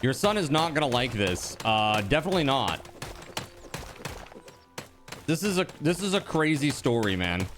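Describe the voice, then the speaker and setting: Animated incredulous male streamer. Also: mid-range voice, moderate pace, pauses often, music in the background. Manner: animated, incredulous, swears casually. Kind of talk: casual live-stream chat.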